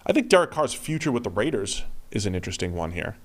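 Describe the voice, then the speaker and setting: A man's voice: lowish voice, sing-song, quick pace. A man co-hosting a casual sports podcast, rambling and mimicking hesitant noises to make a point. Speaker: podcast co-host.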